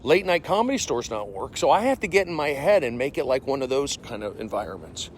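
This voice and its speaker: A man in his forties, a comedian livestreaming from his phone while walking outdoors. He speaks in casual chat, reads viewer comments aloud, and coughs and clears an irritated throat. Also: medium pitch, a little fast, a little hiss or hum. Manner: animated, jumping from loud bursts to mumbled asides.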